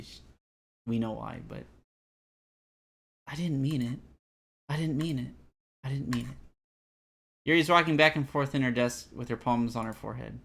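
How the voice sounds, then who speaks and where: Brief: young male streamer with a bright, sharp voice, animated and rambling while reading game text. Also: medium pitch, vocal fry. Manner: rambling, animated, self-deprecating. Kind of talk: live game playthrough commentary.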